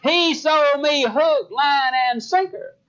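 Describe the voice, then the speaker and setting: A man's voice: extremely high pitch, slow pace. An older man, a sales trainer giving a motivational speech, telling a story and voicing the people in it. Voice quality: animated storyteller voicing dialogue. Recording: dull lo-fi speech recording.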